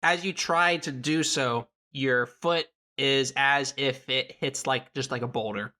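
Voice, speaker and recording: A man narrates a comedic tabletop game as dungeon master with a bright, clear voice. He describes the action playfully and lightly. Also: medium pitch, steady tone, a little slow, slight background noise.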